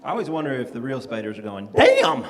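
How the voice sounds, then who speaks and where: A man's voice: medium pitch, racing. Self-deprecating male stand-up comic. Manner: self-deprecating, laid-back with frequent ums. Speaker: stand-up comedian. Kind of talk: stand-up comedy set. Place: comedy club stage. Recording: live club recording with long reverb and noise.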